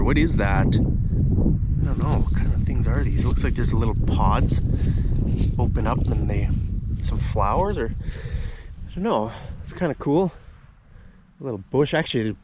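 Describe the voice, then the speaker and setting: A man's voice: medium pitch, heavy background noise. A man hosting a casual English-teaching vlog outdoors in a park, talking while he walks and explaining words as he goes. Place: outdoors in a park with bushes and a bridge.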